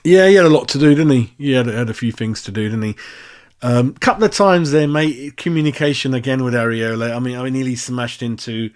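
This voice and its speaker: A man's voice: medium pitch, fairly quick, darkish tone. A man hosting a casual match-reaction chat, chatty and ranting with plenty of swearing. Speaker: fan channel host.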